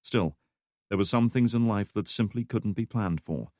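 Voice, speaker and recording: A man narrating a thriller audiobook in a steady, measured way. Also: on the low side, dry recording, studio quality. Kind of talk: scripted narration.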